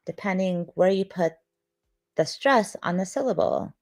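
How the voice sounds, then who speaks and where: A woman's voice: lowish voice, lively intonation, measured pace, creaky, darkish tone, no echo. A sleepy woman, hosting a livestream and chatting casually with viewers, rambling and joking. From Detroit, Michigan, USA. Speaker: livestream host.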